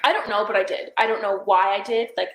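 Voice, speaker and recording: A woman's voice: medium pitch, fast, a bit bright, reverberant, poor audio. A young woman in a police interview, recounting events in a hesitant, rambling way full of "like" and "I don't know". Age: young adult.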